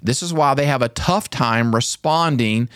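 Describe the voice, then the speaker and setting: A man's voice: mid-range voice, a little slow, a bit bright, smooth, dry recording, studio quality. A man in his forties hosting a podcast in a casual, earnest, conversational way. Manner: earnest, conversational, laughs often. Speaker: podcast host.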